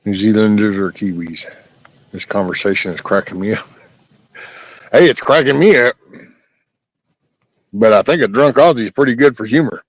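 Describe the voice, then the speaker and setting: A man's voice: lowish voice, a little fast. A male livestream host chatting casually, reading chat comments aloud and teasing his guest.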